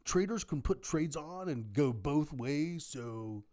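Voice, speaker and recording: A man's voice: fairly high pitch, animated, takes it slowly, dark tone. A man voicing an overconfident male California trader dude with a Californian accent and a cocky, breezy manner.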